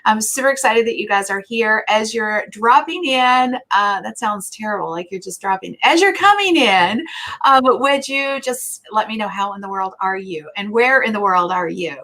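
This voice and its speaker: A woman's voice: mid-range voice, expressive, normal speed, sharp tone. A middle-aged woman from the United States hosting a live online show, chatty and effusive, with lots of filler words. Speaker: host.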